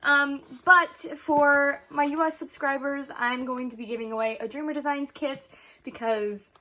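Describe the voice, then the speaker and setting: Young woman, casual vlog chat, bright clear tone, slightly high voice, rambling with ums and laughs. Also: steady tone, moderate pace. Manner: chatty, rambling, laughs often, many ums. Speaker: vlogger.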